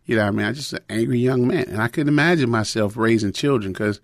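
A man's voice: mid-range voice, fast, no room sound, studio quality. A middle-aged man preaching in a conversational sermon, telling a personal story with many fillers and restarts.

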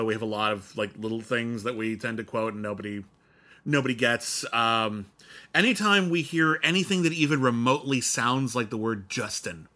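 A man co-hosting a podcast in casual, animated chat, laughing and quoting film lines. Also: mid-range voice. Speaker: podcast co-host.

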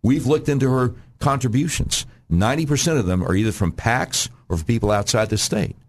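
A man guesting on a radio talk show as a candidate, making an emphatic campaign pitch and often clearing his throat. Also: brisk.

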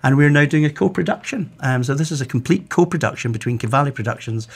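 A man's voice: medium pitch, expressive, fast, gravelly, breathy edge. A man from Scotland, a theatre director, talking chattily on a radio interview with many hesitations. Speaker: director and producer.

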